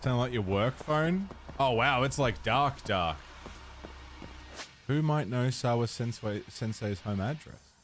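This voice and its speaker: Man, gaming streamer, casual chat, animated pitch, faint music behind. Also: moderate pace. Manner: laid-back, swears and laughs, chats with viewers. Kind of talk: casual let's-play chat.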